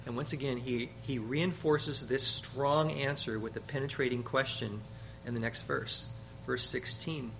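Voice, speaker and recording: Brief: male preacher, bright slightly high voice, emphatic sermon delivery, dull lo-fi recording with faint hiss. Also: fairly even intonation, a little slow, creaky. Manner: emphatic, rises loud on quoted scripture, repeats words.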